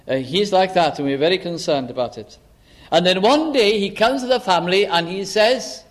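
A man's voice: sits high, sing-song, a little fast. A man preaching a sermon, who explains scripture and acts out little dialogues between characters.

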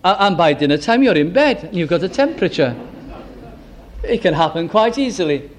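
A man preaching a sermon with fervour, asking the listeners question after question and slowing right down to stress key phrases. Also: high voice, very animated. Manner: fervent, asks the listeners many rhetorical questions.

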